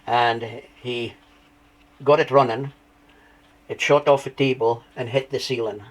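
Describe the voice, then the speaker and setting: A man of average pitch talks as an interview guest, telling long winding stories. He restarts his sentences and grows animated as he recounts events. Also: a little slow, low-quality recording. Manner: rambling, with restarts and animated retelling. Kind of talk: conversational storytelling.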